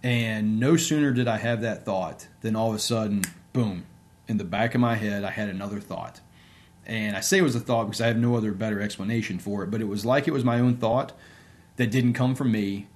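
A man's voice: on the low side, a little fast, a little mellow. A man, an interview guest and sports coach, telling a personal story in a casual, conversational way with many fillers.

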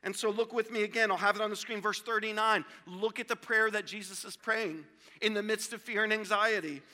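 Pastor, male, high and very bright voice, emphatic sermon delivery in a church with long hall reverb. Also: fairly even intonation, brisk. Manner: emphatic and repetitive, swinging from loud builds to hushed drops. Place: church sanctuary.

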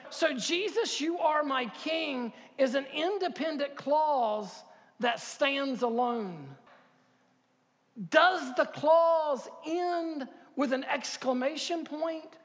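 Fifties male pastor, high-pitched and fervent, sanctuary with long reverb. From Harkers Island, North Carolina. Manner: builds to loud impassioned preaching, repeats words, asks the crowd questions. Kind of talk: sermon. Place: church sanctuary.

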